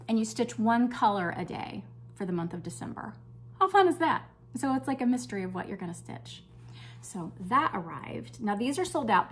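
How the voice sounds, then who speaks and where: An older woman hosting a crafting vlog, chatting enthusiastically as she shows off her projects and sometimes dropping to a hush. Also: mid-range voice, a little hiss or hum. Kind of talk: casual show-and-tell chat.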